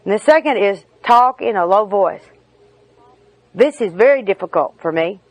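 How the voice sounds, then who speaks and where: A woman's voice: mid-range voice, animated, moderate pace, no echo, poor audio. A middle-aged woman giving a candid, humorous personal talk at a recovery meeting.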